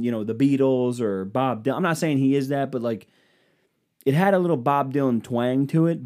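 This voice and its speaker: A man's voice: mid-range voice, warm tone. Rambling sarcastic male podcaster. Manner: rambling, sarcastic, swears casually. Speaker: podcast host. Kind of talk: comedic monologue.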